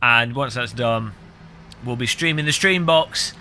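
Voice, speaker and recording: Bright-voiced British man rambling on stream. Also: mid-range voice, measured pace, a little hiss or hum. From United Kingdom. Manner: rambling, deadpan absurd joking. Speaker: game streamer. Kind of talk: casual live-stream chat.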